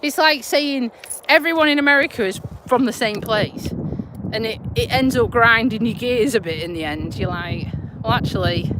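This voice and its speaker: Out on a country walk, a woman from Lincolnshire, England, with a Yorkshire-Lincolnshire accent chats into a handheld phone on a live stream while walking her dog, with noise in the background. She's a vlogger and nurse with a highish voice and moderate pace, chatty, laughing, broad and blunt.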